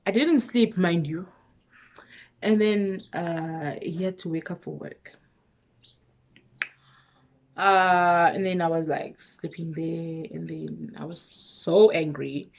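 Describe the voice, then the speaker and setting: A woman with a South African accent telling a personal story on her vlog, lively, with hushed asides. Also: lowish voice, slow pace, vocal fry, long pauses. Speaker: vlogger.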